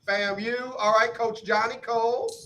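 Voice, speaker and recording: Radio sports host, man, upbeat and brisk, high and bright in tone. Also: steady tone, rough recording. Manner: brisk, upbeat, calls on guests by name. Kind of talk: casual radio sports chat.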